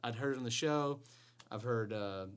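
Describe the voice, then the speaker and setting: A man's voice: mid-range voice, normal speed, clean tone. A man from Georgia in the US, co-hosting a podcast in crude, playful banter. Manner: animated, profane, playful jokey delivery. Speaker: podcast co-host.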